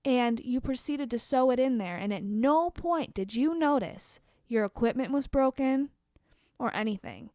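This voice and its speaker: Young woman, vlogger, storytime rant, swears freely, bit high voice, dry close sound. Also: dry recording. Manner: candid and expressive, swears freely, quick asides to viewers.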